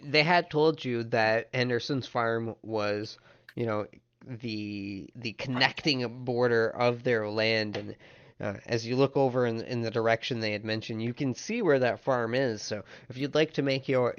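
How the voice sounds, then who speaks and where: A man narrating a tabletop game as game master, halting with many restarts. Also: medium pitch, fairly bright tone, clear, resonant tone, highs cut off.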